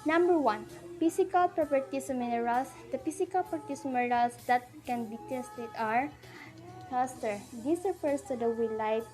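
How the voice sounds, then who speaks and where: A woman teacher reading a science lesson module aloud in a careful, measured way. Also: sits high, darkish tone, soft background music.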